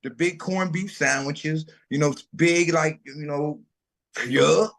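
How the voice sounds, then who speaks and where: Speaking slowly with a gravelly voice on the high side, this middle-aged man recounts his food truck story as an interview guest. He uses slang, tells it with animation, and performs the voices of anyone he quotes.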